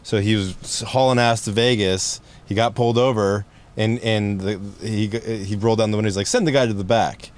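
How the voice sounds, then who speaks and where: A man hosting a podcast, chatting in a relaxed way and sharing anecdotes. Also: lowish voice, fairly quick, hardly any pauses. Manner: relaxed, brief reactions and anecdotes. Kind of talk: casual podcast chat.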